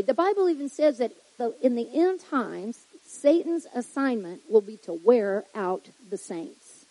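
Warm, husky-voiced woman preaching. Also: a little high, sing-song, measured pace, few pauses, no echo, low-quality recording. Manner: conversational, checks in with listeners with "right?"; acts out little quoted exclamations. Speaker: pastor. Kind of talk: sermon to church leaders.

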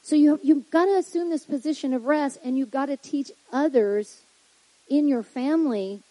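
A woman's voice: sits high, moderate pace, warm tone, dry recording, rough recording. A woman pastor preaching to church leaders in a conversational way, often checking in with her listeners and acting out little quoted exclamations.

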